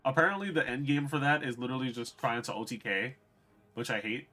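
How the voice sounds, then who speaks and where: A man's voice: medium pitch, a little fast, sharp tone, soft background music. A young man streaming a video game, chatting bluntly and with swearing to his viewers as he plays. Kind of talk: casual gameplay commentary.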